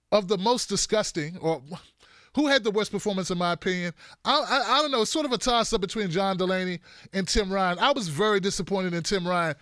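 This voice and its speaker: A man hosting an online political commentary show, animated and mocking as he runs down debate performances. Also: high-pitched, no room sound, studio quality.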